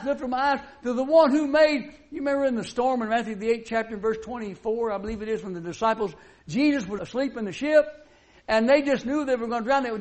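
A man preaching a sermon at a church service, in a folksy, conversational way full of rhetorical questions. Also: extremely high pitch.

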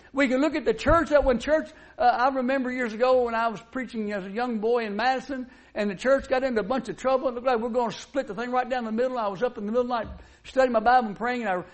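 High-voiced folksy male preacher. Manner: folksy, conversational preaching with rhetorical questions. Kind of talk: sermon. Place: church service.

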